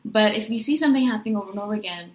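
A woman's voice: mid-range voice, expressive, very fast, reverberant, low-quality recording. A woman talking casually and earnestly in a monologue, venting her feelings and asking rhetorical questions. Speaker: personality-type video host.

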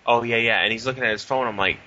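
Profane, animated young podcast host, man. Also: mid-range voice, very fast, dull audio, slight background noise. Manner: profane, animated storytelling with quoted dialogue. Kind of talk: casual podcast chat.

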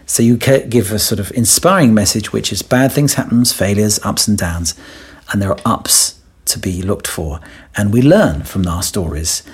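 A man talking in a relaxed interview, telling stories and teasing as he acts out quotes. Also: lowish voice, moderate pace, slightly rough. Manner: playful, teasing storyteller who acts out quotes. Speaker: guest. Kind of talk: conversational podcast interview.

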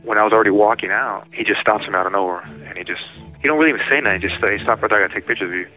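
A man speaks quickly and hesitantly, often restarting his sentences as he recounts his past. His voice sits fairly low and comes through a thin, tinny prison phone line. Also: soft background music. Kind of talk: phone interview.

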